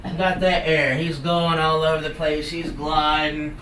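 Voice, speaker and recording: Brief: male storyteller, a touch higher, echoey room, mic distant, noisy. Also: unhurried. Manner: lively and animated, acting out the action. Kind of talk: live oral folk storytelling. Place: indoor talk venue. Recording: roomy room from far off, noisy.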